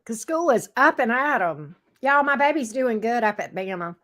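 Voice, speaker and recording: Middle-aged woman, livestream host, chatty and animated, reading viewer comments aloud. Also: fairly high pitch, moderate pace. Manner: chatty, reads out and answers viewer comments, coos at her dog. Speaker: tarot reader and livestream host. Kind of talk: casual livestream chat with viewers. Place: home office room.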